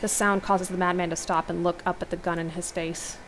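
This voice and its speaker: A woman host reading an interactive horror novel aloud, steady narration with exclaimed asides. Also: lowish voice, fairly quick, slight background noise. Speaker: let's play host.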